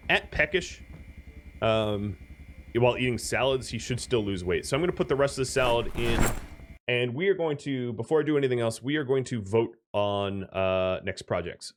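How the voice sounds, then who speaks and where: A man casually commenting while he streams a survival game, chatty and thinking out loud with filler words, thanking viewers as he plays. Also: fairly low pitch.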